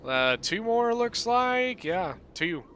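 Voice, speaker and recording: A man giving relaxed, rambling play-by-play commentary on a strategy game battle, often correcting himself mid-sentence. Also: high-pitched, takes it slowly. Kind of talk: casual gameplay commentary.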